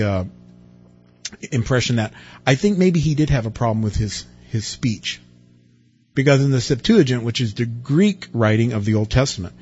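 A man's voice: medium pitch, a little mellow, breathy edge, lo-fi sound. A man preaching a sermon in a conversational way, asking his listeners rhetorical questions and stressing words. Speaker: pastor.

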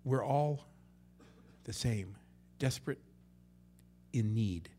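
Male pastor, conversational sermon, mid-pitched voice, dynamic loud-soft delivery, acts out quotes. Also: slow, slight background noise. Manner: conversational, swings between loud and hushed.

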